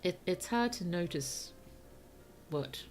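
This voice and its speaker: A woman's voice: lowish voice, lively intonation, slow. A woman with an Australian accent chatting casually on a livestream, musing aloud and laughing often. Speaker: streamer and writer.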